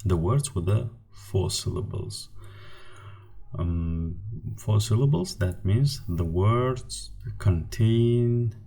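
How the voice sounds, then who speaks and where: Slow, husky-voiced male language teacher. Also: fairly low pitch, warm tone. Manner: patient, repeats example words slowly. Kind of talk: slide-based language lesson.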